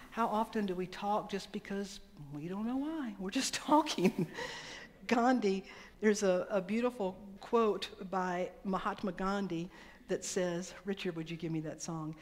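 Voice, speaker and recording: A woman minister, preaching a sermon in a chatty storytelling way and slowing down to stress key words. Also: medium pitch. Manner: conversational storytelling, slows down for emphasis. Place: church sanctuary. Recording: long reverb of a church hall.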